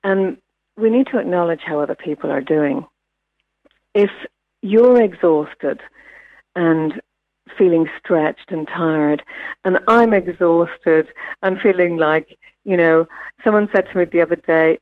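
A woman, a wellbeing expert giving gentle, reflective advice in a radio interview with many fillers and restarts. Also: fairly low pitch, measured pace. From New Zealand. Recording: phone line, dry.

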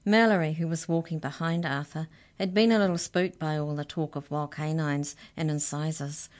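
A woman narrating a children's story aloud in an expressive, gently dramatic way. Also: deep voice, normal speed.

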